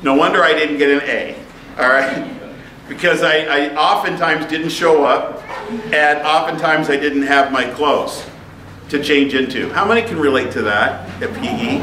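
A man preaching a sermon and telling a personal story in an animated, humorous way, in a church meeting room. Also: fairly high pitch, noisy background. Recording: echoey room, faint ambience.

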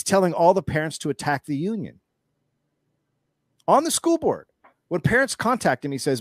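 A man's voice: high-pitched, very animated, moderate pace, no room sound, clean studio sound. A man speaking as an interview guest in casual chat, ranting with anger and profanity and telling stories animatedly, with frequent restarts.

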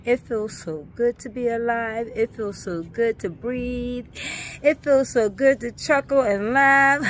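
A woman's voice: a little high, takes it slowly, a little hiss or hum. A woman vlogger greeting her viewers in a sing-song way, repeating blessings and affirmations. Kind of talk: casual vlog greeting with spiritual affirmations.

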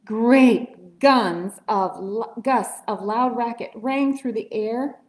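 A woman reading a picture book aloud at story time in a library, playful and animated. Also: fairly high pitch, slow pace. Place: library room. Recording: echoey library room.

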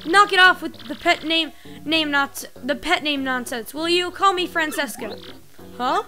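A young mob daughter, played by a woman, high and sharp, bossing the others around in a game scene. Faint game music sits behind her. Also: measured pace. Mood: bossy. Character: young female mob boss's daughter, bossy.

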